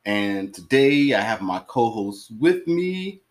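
Casual male podcast host, rambling and loose with shout-outs. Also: fairly low pitch, big pitch swings, takes it slowly.

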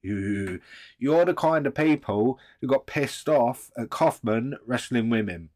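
A man's voice: medium pitch, expressive, unhurried, a little mellow, no room sound. A man hosts a commentary show in a mocking, rambling way, and he swears a lot. His voice is recorded close and dry, with no room sound. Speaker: host. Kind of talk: sardonic commentary.

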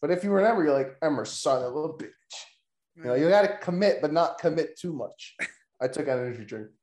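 A man hosting a podcast, joking loudly and swearing in crude, excitable banter. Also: on the high side, fast talker, roomy sound. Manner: loud, joking, profane, excitable. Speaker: podcast host. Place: room recorded in person.

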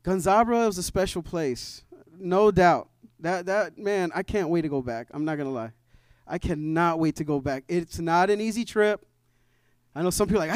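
High, smooth-voiced man sharing a testimony. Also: moderate pace, pauses often, no room sound. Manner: conversational, many fillers and restarts, rises to emphatic preaching. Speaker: church member sharing a mission trip testimony. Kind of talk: church testimony talk.

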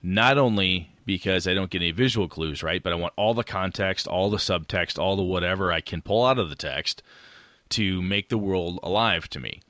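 A man co-hosting a podcast, chatting casually about tabletop gaming in a rambling, animated way with casual swearing. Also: deep voice, moderate pace, no echo, clean studio sound. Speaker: podcast co-host.

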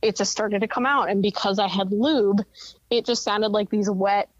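A woman's voice: mid-range voice, fairly even intonation, moderate pace, dry recording, dull audio. A woman as a podcast guest, talking frankly and openly with many fillers. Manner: frank and chatty, many "like" and "you know" fillers. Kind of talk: candid podcast interview.

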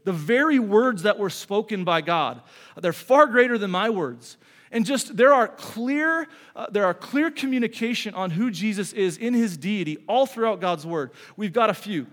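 High-voiced pastor preaching in a hall. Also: male voice, expressive, moderate pace, a bit bright. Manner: earnest, conversational preaching with many restarts. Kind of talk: sermon.

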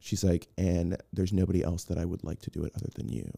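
A man who works as a film personal assistant tells a long story as a guest in a casual interview, rambling, restarting often, and acting out what others said. His deep voice is creaky, mellow, and husky, with a flat delivery and quick pace. The recording is dry.

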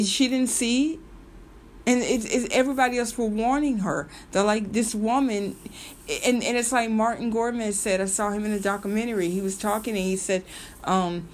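A woman's voice: on the high side, slight background noise. A woman hosting a video, telling a story in a loose, rambling way, full of ums and repeated phrases, and turning emphatic when she gets worked up. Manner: animated and emphatic, slips into mimicry. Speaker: video host. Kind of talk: casual storytelling commentary.

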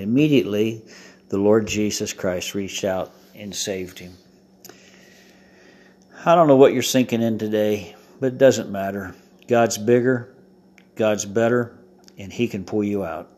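A folksy male pastor speaks in a lowish voice at an unhurried, drawn-out pace. He opens with a groan-worthy joke, then reads scripture and preaches, his delivery swelling with emphasis. The style is a homespun short devotional message. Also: fairly even intonation, darkish tone.

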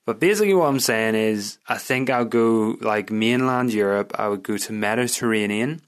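A young Northern Irish man hosts his podcast, talking on in a rambling, self-mocking way. His voice sits low and sounds smooth and clear. He chats casually to his listeners. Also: normal speed, few pauses. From Northern Ireland. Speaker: podcast host. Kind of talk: casual solo podcast chat.

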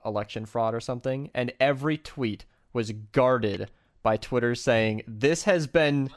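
A man chatting casually as a podcast co-host, rambling and animated, laughing often and swearing. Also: medium pitch, a little slow. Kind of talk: casual chat.

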